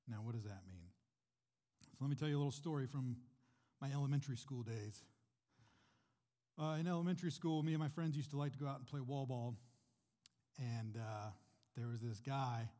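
A male pastor preaching in a relaxed, conversational way, putting rhetorical questions to his congregation. His voice is warm and mellow, at an ordinary pitch. It rings with the long reverb of a church hall. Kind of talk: sermon.

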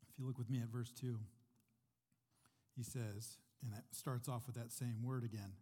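A male pastor preaching in a relaxed, conversational way, putting rhetorical questions to his congregation. His voice is warm and mellow, at an ordinary pitch. It rings with the long reverb of a church hall. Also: normal speed, breathy edge. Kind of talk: sermon.

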